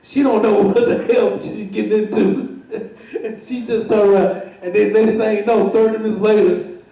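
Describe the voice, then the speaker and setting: A man's voice: high voice, steady tone, normal speed, gravelly, mellow, lo-fi sound. A man telling a comic story on stage, chuckling, repeating himself and acting out the voices. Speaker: guest storyteller. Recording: very echoey room, voice far from mic.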